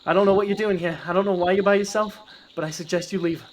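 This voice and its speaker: A man's voice: high voice, steady tone, fast, slight background noise, voice pushed up, natural voice. A man voicing a stern hunter who firmly warns an intruder to leave. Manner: warning, firm. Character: stern male hunter with a bow.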